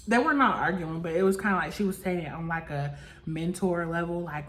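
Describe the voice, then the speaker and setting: A woman's voice: fairly low pitch, moderate pace. A young woman in casual chat, recapping a reality show, talking loosely with lots of "like" and acting out what people said. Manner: chatty, full of "like" and acted-out quotes.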